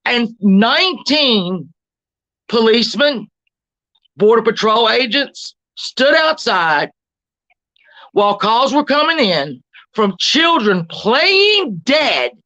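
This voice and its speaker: A woman's voice: a little high, sing-song, slow pace, bright, forceful tone. Blunt, profane woman ranting. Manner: blunt and profane, ranting, greets chat viewers. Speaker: livestream host. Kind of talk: casual livestream commentary. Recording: dull lo-fi stream audio.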